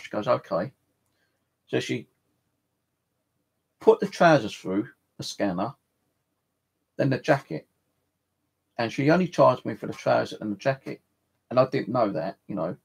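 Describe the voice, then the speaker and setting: A man's voice: medium pitch, expressive, moderate pace, long pauses. A man telling a rambling everyday story in a casual way, with an offhand swear here and there. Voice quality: gravelly, husky. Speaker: channel host.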